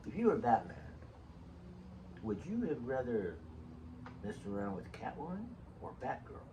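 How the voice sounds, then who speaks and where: This host's mid-range voice swings hugely in pitch, warm and unhurried, as he wanders through digressive stories on his own show with jokey asides to listeners. It's a casual storytelling monologue picked up by a distant mic with faint background hiss.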